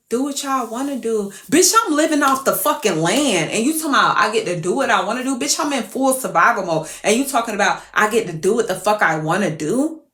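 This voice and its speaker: In an echoey space, a high-voiced young TikTok creator rants to her followers through a story. Her delivery is animated and full of swearing, exasperated yet punctuated with laughter.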